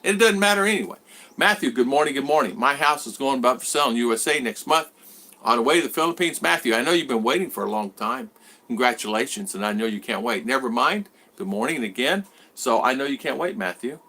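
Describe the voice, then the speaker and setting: A man in his sixties with a bright, forward voice, chatting loosely on a live stream. He drifts from one thought to the next as he greets viewers by name and answers them. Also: medium pitch, expressive, quick pace. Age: 60s. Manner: rambling, greets viewers by name and reads their comments. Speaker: vlogger host. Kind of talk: casual live-stream chat.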